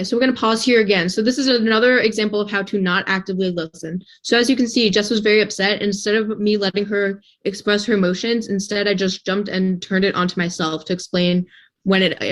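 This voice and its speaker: A teenage girl acting out a role-play scene and then explaining it earnestly. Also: mid-range voice. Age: teens. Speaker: student board member.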